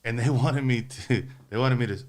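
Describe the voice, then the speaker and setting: A man's voice: medium pitch, moderate pace, a little mellow, slight background noise. A man hosting a podcast, chatting casually in a blunt, profane, joking way. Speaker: podcast host. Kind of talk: casual chat.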